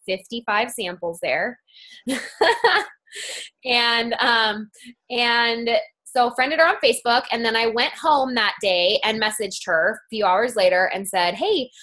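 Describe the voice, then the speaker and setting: A woman's voice: on the high side, pushed and bright. Upbeat woman coaching a sales team. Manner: enthusiastic, acts out dialogue in her stories. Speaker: guest speaker on a sales team call. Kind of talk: casual coaching talk.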